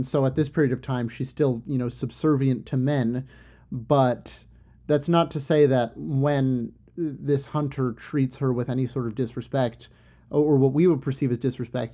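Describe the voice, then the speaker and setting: Man, relaxed and mellow, casual storyteller who riffs, jokes and pops into quick character voices. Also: mid-range voice. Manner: loose and joking, full of "you know" and "like". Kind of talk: casual retelling of an ancient epic.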